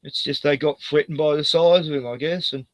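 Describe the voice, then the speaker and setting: A man's voice: on the high side, steady tone, brisk, dry recording. A man with an Australian accent, talking bluntly and heatedly in a casual chat, laughing at his own points. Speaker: podcast host.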